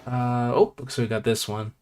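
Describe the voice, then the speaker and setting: A man's voice: mid-range voice, level tone, moderate pace, darkish tone, clear, resonant tone. A man hosting a live game stream, telling a long, digressive story in casual chat while he plays. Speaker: live stream gaming host.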